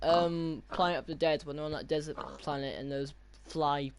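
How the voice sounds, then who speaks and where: A man's voice: a little high, fairly even intonation, normal speed, clean tone. A young man co-hosting a casual podcast, talking hesitantly and giggling between lines. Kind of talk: casual chat while gaming.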